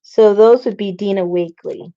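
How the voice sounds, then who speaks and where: A woman with a medium-pitched, warm voice speaks at normal speed with fairly even intonation, though the recording is muffled. Standing in her craft room for a casual crafting video, she rambles and talks to herself while hunting through her supplies.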